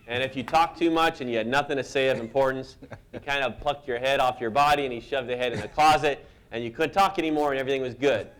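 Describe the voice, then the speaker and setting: Self-deprecating man telling animated stories. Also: medium pitch, a little hiss or hum. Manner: self-deprecating, animated storyteller who laughs at his own tales. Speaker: cartoonist guest. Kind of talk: anecdotal storytelling in an interview.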